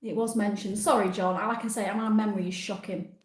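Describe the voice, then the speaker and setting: A woman's voice: medium pitch, steady tone, fairly quick, roomy sound. A woman in her sixties hosting a live stream, reading viewer comments aloud and chatting back in a casual, self-deprecating way. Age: 60s.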